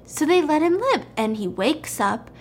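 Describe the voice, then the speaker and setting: A woman's voice: high-pitched, normal speed, slight background noise. A woman host casually and animatedly retelling a film plot, amused and chatty, with plenty of fillers. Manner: lively, amused, conversational with fillers.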